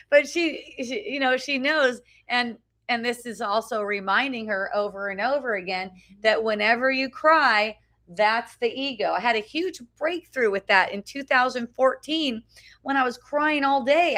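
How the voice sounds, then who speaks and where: A woman's voice: high voice, sharp tone. A middle-aged woman giving an informal spiritual talk to a small group outdoors at a beach. She talks conversationally, often asks "right?", restarts her sentences and swears casually. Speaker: spiritual teacher. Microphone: phone live video.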